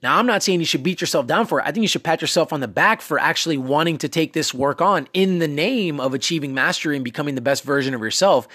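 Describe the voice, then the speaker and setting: A man's voice: a little high, fast talker, few pauses, fairly bright tone, no room sound, clean studio sound. A man hosting a casual motivational talk, coaching listeners in a conversational way with many fillers and asides. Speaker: self-improvement podcast host.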